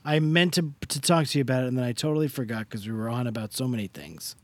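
A man's voice: mid-range voice, quick pace, no echo. A man co-hosting a podcast in casual chat, joking and rambling playfully. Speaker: podcast co-host.

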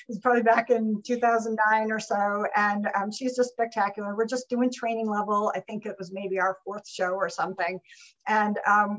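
A woman guest on a webinar, telling an animated, lively anecdote. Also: on the high side, dull audio. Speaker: guest speaker. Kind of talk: webinar storytelling.

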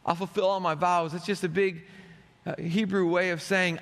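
A man preaches a sermon and lends his quotes a dramatic, acted-out flair. His voice sits high, and a long hall reverb trails each phrase. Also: little pitch movement, moderate pace, fairly bright tone. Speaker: pastor.

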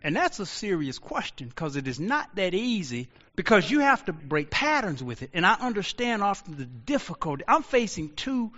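A man preaching a sermon as pastor, rising to shouts and slowing into drawn-out pauses. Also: sits high, big pitch swings. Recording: lo-fi audio with long reverb.

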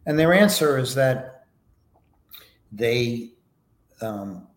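A man as a podcast guest, answering interview questions in a relaxed, anecdotal way with many fillers. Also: mid-range voice, extremely slow, reverberant. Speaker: podcast guest, foundation vice president.

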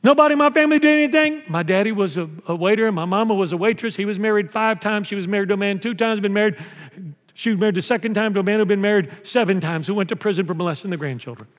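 An older man from Mexico preaching with a fairly high voice and lively delivery, acting out scenes as he goes. He sounds like he is in a large church hall with a long reverb tail. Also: fast. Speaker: pastor. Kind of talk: sermon.

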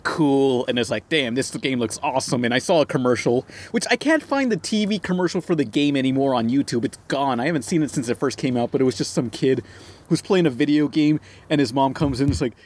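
A man's voice: medium pitch, lively intonation, fast, a little mellow. A man in casual chat with friends, recounting childhood memories with enthusiasm.

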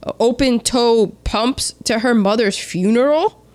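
A woman's voice: a little high, a little slow. A woman co-hosting a casual chat, animatedly retelling a movie scene, acting out the characters and laughing. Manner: animated storyteller, acts out characters, laughs often. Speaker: podcast co-host.

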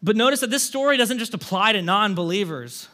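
A man preaching a conversational sermon as pastor, telling the story in an animated way with rhetorical questions and a frequent casual "like". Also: high voice, a little fast.

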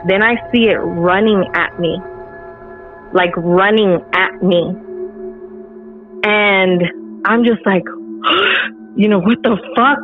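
A middle-aged woman recounts a personal story in a loose, animated way, full of "like" and "you know." Her voice comes through a narrow, phone-like line. Faint music plays underneath. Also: mid-range voice, slow, long pauses. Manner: animated retelling with filler words. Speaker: podcast guest. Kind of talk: casual storytelling.

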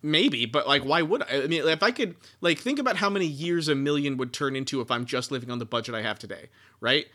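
Bright-voiced man rambling on a podcast. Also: mid-range voice, expressive, fast. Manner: rambling, laughing, lots of restarts. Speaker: podcast co-host. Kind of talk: casual book-discussion podcast.

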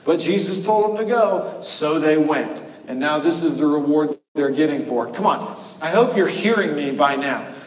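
A pastor preaching a sermon in a church sanctuary, conversational and joking. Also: male voice, a little high, lively intonation, moderate pace, far from the mic. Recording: cavernous echo from a live stream, voice from afar.

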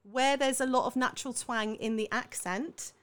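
A woman's voice: on the high side, moderate pace. A woman from southern England working as a voice coach, explaining vocal technique in an enthusiastic, affectionate interview manner. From Salisbury, southern England. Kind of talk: conversational interview.

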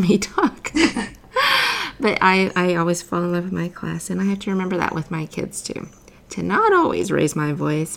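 Gravelly-voiced woman hosting a chat. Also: lowish voice. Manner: animated, laughs often, many restarts. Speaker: podcast host; former classroom teacher, mother. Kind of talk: casual interview chat.

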